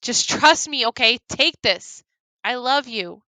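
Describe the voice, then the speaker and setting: A woman reading the lines of a desperate young man who speaks urgently, shouting and then soothing. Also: a little high, animated, takes it slowly, no room sound, pitched above the performer's own voice, exaggerated voice, low-quality recording. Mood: frantic.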